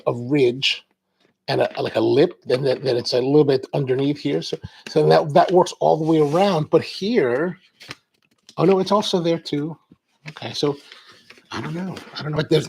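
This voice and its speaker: Middle-aged male host, gravelly tone, meandering live-stream unboxing chatter. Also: fairly high pitch, a little hiss or hum, rough recording. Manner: rambling, chatty storyteller. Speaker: coffee channel host. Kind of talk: casual live-stream chat.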